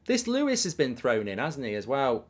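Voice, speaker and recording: A man's voice: medium pitch, wildly swooping pitch, moderate pace. A middle-aged man hosting a live football watchalong, chatting casually and reading out viewer messages. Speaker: host.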